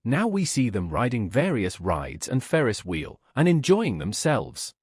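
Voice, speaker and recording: A man's voice: medium pitch, wildly swooping pitch, unhurried, a little mellow, breathy edge, no echo, studio quality. A man reading a scripted recap of a comic story in a matter-of-fact way. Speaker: recap narrator.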